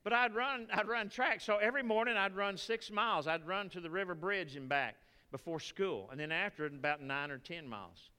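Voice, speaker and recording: A man with a Texan drawl delivers a sermon in a bright, forceful voice pitched a little high. He mixes scripture with folksy stories in an animated way. The sound carries the long reverb of a church hall. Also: fairly quick, few pauses, clean tone. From Texas. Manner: animated, folksy preaching with storytelling. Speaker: pastor.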